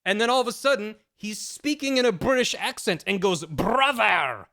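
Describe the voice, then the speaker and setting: A man on a stream, casually retelling a game's story to friends in a rambling, animated way, dropping into quick voices for the characters. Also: very high-pitched. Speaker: streamer explaining game plots.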